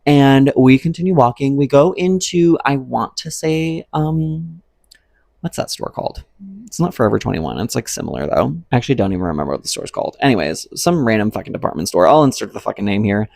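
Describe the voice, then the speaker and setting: A young man tells a rambling, profane story to his viewers, his sentences full of fillers. His voice is middling in pitch with a heavy creaky fry. The sound is close and dry, with no room echo. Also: expressive, a little fast, a little mellow. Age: young adult. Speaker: vlogger. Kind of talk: casual storytime monologue.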